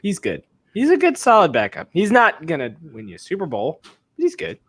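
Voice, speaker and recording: A man co-hosting a fantasy football podcast, talking emphatically and swinging between low muttering and loud pushes. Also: wildly swooping pitch, brisk, slightly rough. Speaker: podcast co-host. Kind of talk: casual sports chat.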